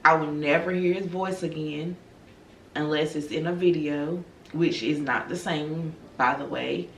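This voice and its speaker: A woman in her thirties, grieving and subdued, talking slowly and softly to her viewers in a confiding way, calling them girl and y'all. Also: sits low, steady tone, vocal fry, slight background noise. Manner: slow, soft-spoken, confiding, calls listeners girl and y'all. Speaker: vlogger. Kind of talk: personal direct-to-camera talk. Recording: roomy, distant from the mic, faint music.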